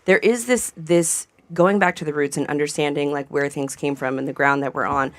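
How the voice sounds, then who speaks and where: A woman's voice: low voice, steady tone, brisk, dry recording. A woman chef talking casually on a radio panel, rambling with plenty of fillers. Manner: chatty, rambling with many fillers. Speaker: chef guest. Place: radio studio.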